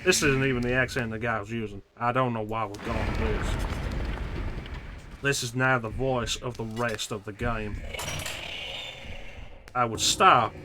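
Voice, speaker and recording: A man's voice: on the low side, fairly even intonation, a little slow, pauses often. A man streaming a horror game, chatting casually with his audience and making sarcastic jokes. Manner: joking, sarcastic asides. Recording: noisy stream audio.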